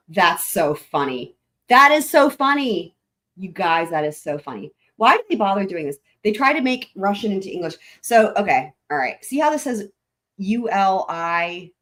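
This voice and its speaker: A woman hosting a casual livestream, chatting with her viewers in a rambling, laughing way, with a lilt. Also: mid-range voice. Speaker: livestream host.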